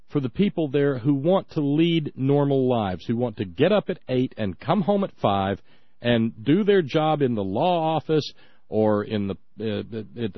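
A man co-hosting a political talk radio show, sarcastic and halting, with many fillers. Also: mid-range voice, dry recording. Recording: dull dry lo-fi sound.

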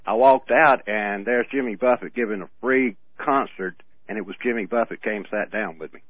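A man's voice: fairly low pitch, dry recording. Rambling man on tinny radio audio. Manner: rambling storyteller, halting restarts, laughs often. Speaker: radio co-host. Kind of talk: casual radio chat.

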